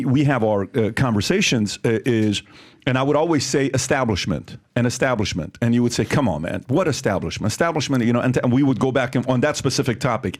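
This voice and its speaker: A man in a mid-range voice hosts a casual talk. He asks blunt questions and circles back on them, restarting his sentences as he goes. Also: medium pitch. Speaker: podcast host.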